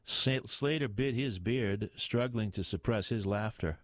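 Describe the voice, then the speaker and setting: Low-voiced man narrating a crime story. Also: measured pace, no room sound, studio quality. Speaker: audiobook narrator. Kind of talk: reading a crime novel aloud.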